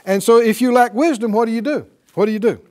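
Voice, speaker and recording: A man preaching a lively sermon, calling out to his congregation and acting out the voices in his stories. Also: very high voice, fast talker. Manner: animated, call-and-response, acts out quoted voices.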